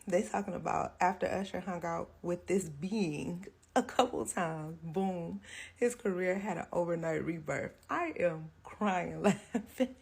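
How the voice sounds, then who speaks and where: A woman's voice: on the low side, a little slow, creaky, darkish tone, husky. A woman talking straight to her viewers in a gossipy, amused social-video style. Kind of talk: casual social video commentary.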